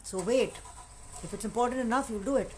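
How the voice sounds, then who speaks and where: A woman from Pakistan with a fairly high voice talks casually into her phone on a live stream and slips Urdu words into her English. She speaks in a warm, chatty way. A faint hum of noise sits under the recording. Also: a little fast, rough recording. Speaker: actress answering fan questions on a live stream.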